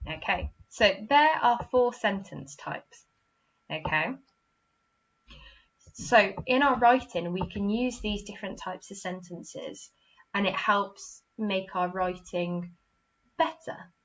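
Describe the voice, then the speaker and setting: In dull audio, a woman with a mid-range voice teaches young primary pupils literacy. She's patient, tacks "okay?" onto each point, and acts out example sentences with feeling.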